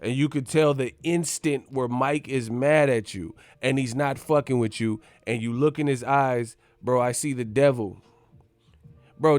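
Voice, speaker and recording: A man hosting a boxing channel, giving brash, animated commentary full of swearing. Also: medium pitch, clean tone, no echo. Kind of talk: casual profane commentary.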